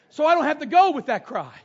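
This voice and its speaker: A man's voice: extremely high pitch, big pitch swings, fairly quick. A middle-aged man preaching a sermon, reading scripture and telling stories from family life. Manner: storytelling, reads scripture aloud and retells it. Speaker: pastor. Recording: dull lo-fi sound.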